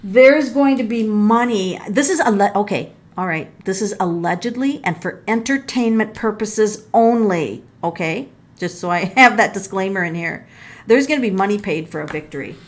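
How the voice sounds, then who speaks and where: Woman, middle-aged, tarot reader, casual talk to camera, animated, average pitch. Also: moderate pace. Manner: animated, exclaims and gasps at the cards, thinks aloud; talks straight to viewers as folks.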